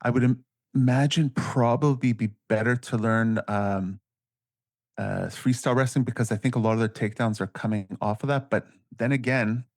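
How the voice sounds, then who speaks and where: A man's voice: mid-range voice, moderate pace, darkish tone, no room sound, clean studio sound. A man with a Canadian accent, a grappling guest chatting loosely and jokily, with plenty of fillers and restarts. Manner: rambling, jokey, many fillers and restarts. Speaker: podcast guest, grappling expert. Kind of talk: casual interview chat.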